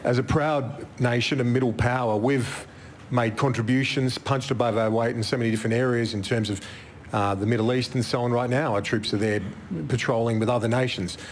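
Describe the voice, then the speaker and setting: A man's voice: mid-range voice, steady tone, a little hiss or hum. Australian male reporter asking questions. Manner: halting, searching for words. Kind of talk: press conference question.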